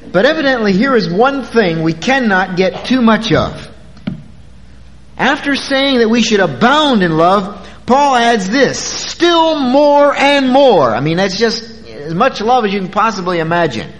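A man's voice: high voice, a bit bright, big-room sound, rough recording. A man preaching a sermon as pastor, talking in a conversational way and stretching key words for emphasis.

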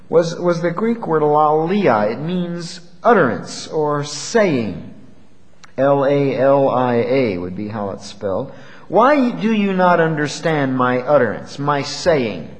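A man's voice: medium pitch, darkish tone. A male pastor preaching an expository sermon, often repeating words for emphasis. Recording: long reverb of a large hall.

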